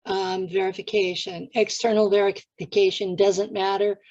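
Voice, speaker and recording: Gravelly older woman host. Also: mid-range voice, little pitch movement, moderate pace, a little mellow. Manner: supportive, chimes in with short agreements. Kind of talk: talk show interview. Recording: dry, muffled lo-fi audio.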